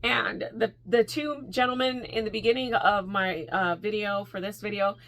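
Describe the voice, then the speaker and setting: A woman vlogging casually to camera, telling stories with quick asides, bursts of laughter and an animated delivery. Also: medium pitch, vocal fry. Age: adult with a school-age daughter. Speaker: crochet vlogger.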